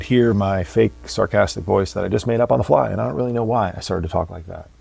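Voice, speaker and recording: A man's voice: fairly low pitch, fast talker, gravelly, few pauses, a little mellow, husky. A man hosting a motivational podcast, talking bluntly and emphatically, with casual swearing. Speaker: podcast host.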